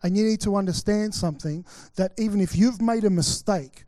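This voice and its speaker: A man's voice: sits high, fairly quick, mellow, no echo. A middle-aged Australian man preaching a sermon, chatty and anecdotal, acting out quotes with many fillers. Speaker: pastor. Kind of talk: sermon with personal stories.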